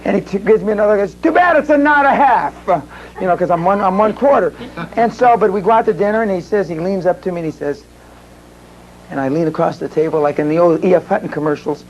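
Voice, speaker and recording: Guy on stage at a seminar, pretty high voice, rambles thru stories and does the other people's voices, faint room hum. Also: steady tone, fast, a little mellow, dull audio. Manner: rambling anecdotes, acts out quoted voices. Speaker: seminar speaker. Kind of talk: live seminar storytelling.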